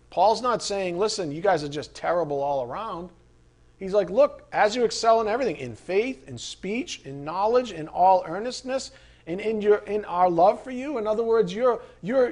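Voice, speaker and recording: A man preaching a sermon, conversational and animated, asking the listeners rhetorical questions. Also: sits high. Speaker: pastor.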